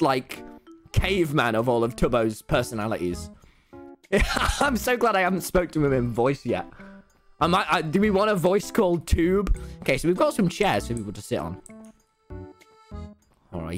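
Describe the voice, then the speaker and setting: An excitable young man talking over his live game stream, his voice fairly high and leaping all over the place. He laughs and yells a lot and stacks up repeated words, with faint music playing behind him. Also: moderate pace, pauses often. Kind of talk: live gameplay stream commentary.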